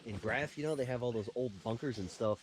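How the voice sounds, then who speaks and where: A man's voice: mid-range voice, brisk, crowd noise. A man in casual chat around a winter campsite, telling profane army stories. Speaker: vlogger. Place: snowy winter campsite outdoors.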